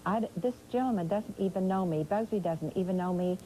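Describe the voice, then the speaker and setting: An older woman speaking as a guest on a live TV interview, aggrieved and halting, often restarting her sentences. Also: mid-range voice, dark tone, a little hiss or hum, poor audio.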